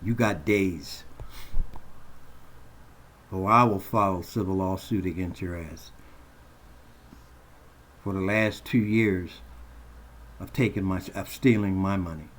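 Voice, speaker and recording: Angry low-voiced man ranting. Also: fairly even intonation, slow, pauses often. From Colorado. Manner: profane, heated, confrontational. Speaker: vlogger. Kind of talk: angry rant to camera. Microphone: phone camera.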